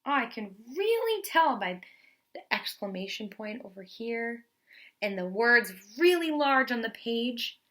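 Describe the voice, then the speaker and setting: A young woman teacher reading a picture book aloud to children, expressive and pausing to ask questions. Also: on the high side. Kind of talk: children's story read-aloud.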